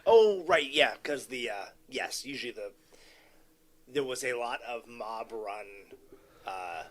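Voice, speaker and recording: A man with a mid-range voice speaks slowly and unhurriedly, mostly backing up his co-host with short replies. Now and then he adds a thought of his own to the casual film chat. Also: mid-range voice, expressive. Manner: slow, mostly brief agreeing replies. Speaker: podcast co-host. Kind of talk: casual movie commentary chat.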